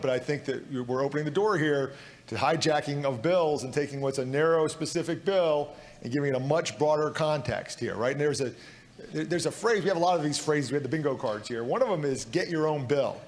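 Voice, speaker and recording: Brisk, fairly high-voiced male lawmaker, argumentative floor speech with rhetorical "right?" asides, echoing chamber. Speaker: state legislator. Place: large legislative chamber. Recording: echoey hall reverb.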